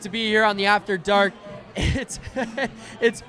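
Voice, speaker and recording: A man's voice: high-pitched, fairly even intonation, slow, crowd noise. A man hosting a live hockey post-game show from a bar, talking casually with fillers and restarts. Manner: casual, chatty, filler-heavy. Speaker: host.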